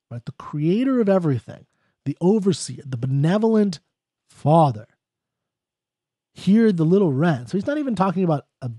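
A man giving a casual spoken lecture on a poem, thinking aloud in a conversational way and reading verse lines slowly. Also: fairly high pitch, dark tone, breathy edge, no room sound, clean studio sound. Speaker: poetry explainer.

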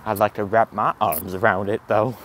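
A man doing a comedic walking vlog outdoors, gasping and swearing in awestruck excitement. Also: on the low side, normal speed, a little hiss or hum. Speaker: comedic vlogger in character. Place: outdoors, walking around a campus. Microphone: handheld camera.

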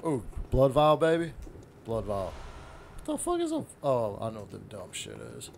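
A man's voice: medium pitch, huge pitch swings, normal speed, vocal fry, slight background noise. Profane young man reacting to a game. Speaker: gaming channel host. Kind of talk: let's play commentary.

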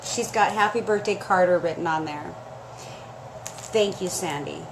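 A woman's voice: on the low side, measured pace. A woman hosting a chatty live sale stream, gushing and emotional as she talks straight to her viewers, her throat scratchy and dry.

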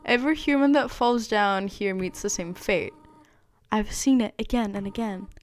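A woman's voice: medium pitch, moderate pace, lightly acted. A woman reading a stern, motherly goat monster queen from a video game aloud, in a Valley Girl voice.

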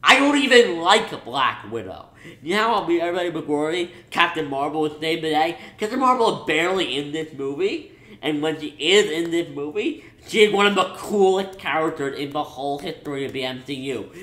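A young man giving a casual, excitable movie review, rambling with many restarts and fillers. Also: on the high side, brisk. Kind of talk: casual spoiler review vlog. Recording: echoey room.

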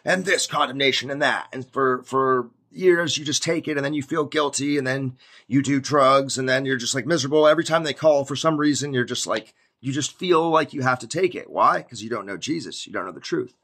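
A man giving a casual, conversational sermon to his viewers, animated and prone to acting out scenes. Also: mid-range voice, brisk. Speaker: preacher.

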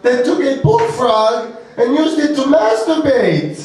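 A male comedian voicing his excitable young girlfriend with a Russian accent, gushing and breathless. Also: high voice, measured pace, pitched above the performer's own voice. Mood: eager. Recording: echoey room from far off.

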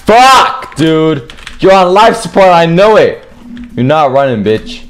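A young man giving loud, profane gameplay commentary, trash-talking and often shouting. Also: fairly high pitch, very animated, takes it slowly, faint music behind. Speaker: gamer streaming gameplay.

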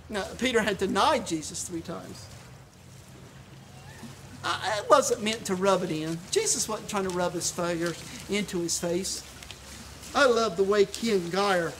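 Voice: mid-range voice, fairly bright tone, a little hiss or hum. A pastor preaching a sermon on video for a church live stream, impassioned and emphatic, often stumbling over repeated words. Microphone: live stream recording.

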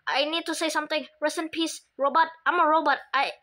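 A woman giving casual, playful commentary over a video game, excitable and making her own sound effects. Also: high-pitched, fast. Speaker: gameplay commentator.

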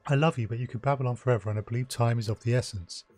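A man's voice: medium pitch, rapid-fire, a little mellow, dry recording, faint music behind, natural voice. Flamboyant, mocking male elf in a video game, lecturing theatrically, read by a man. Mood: wry.

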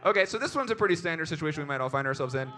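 A man's voice: on the high side, expressive, racing, bright, forceful tone. A man co-hosting a comedic podcast who reads absurd questions with wry mock seriousness. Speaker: co-host reading questions.

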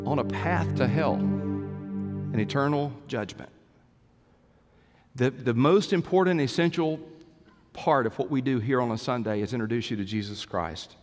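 A man preaches from the pulpit in an ordinary mid-range voice, earnest and pleading, at times sinking to a hushed prayer. His microphone feed carries the long reverb of a large church sanctuary. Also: medium pitch, lively intonation, normal speed. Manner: earnest, rising to urgent pleas, then hushed prayer. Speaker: pastor. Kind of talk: sermon.

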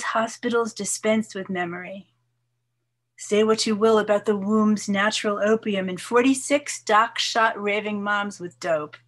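An older woman in her seventies reads her own poems in a measured, expressive voice of middling pitch. Some lines drop soft and low. Between poems she chats casually with her listeners. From New York, USA. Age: 70s. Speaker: poet. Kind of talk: poetry reading with casual asides.

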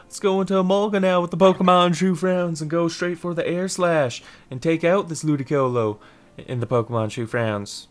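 A man's voice: on the high side, normal speed, hardly any pauses. A man giving casual, rambling let's-play commentary over a game, giggling and repeating a silly catchphrase. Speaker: gameplay commentator.

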